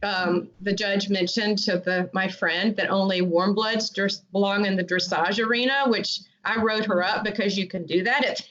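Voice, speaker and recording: A woman with a mid-range, steady, slightly bright voice talks at a moderate pace with hardly any pauses. An amateur dressage rider from North Carolina, she's a guest on a casual podcast, speaking earnestly and chattily at length and often restarting sentences. The audio is dull, lo-fi podcast sound.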